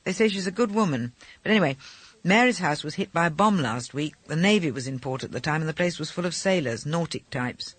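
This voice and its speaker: A chatty young airman in a storybook , voiced by a male narrator, telling gossip with eager relish. The delivery is lively and rises and falls a lot. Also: fairly high pitch, brisk, no echo.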